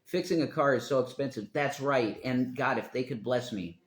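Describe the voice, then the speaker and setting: Heard with roomy echo, a man of medium pitch talks at normal speed on his live stream. His monologue wanders, is full of profanity, and frequently trails off before sentences end.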